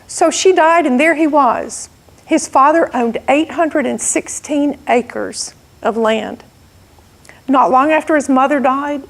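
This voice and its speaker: A woman in her sixties from South Alabama with an Alabama accent, giving a slow, folksy motivational talk to a meeting group. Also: sits high. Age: 60s. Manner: slow, folksy, self-teasing. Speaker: guest speaker. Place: meeting room.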